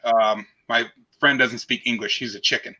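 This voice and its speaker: A man's voice: medium pitch, fairly even intonation, moderate pace, bright, forceful tone. A man voicing a polite male chicken at a bar in a joke, in a lightly put-on tone.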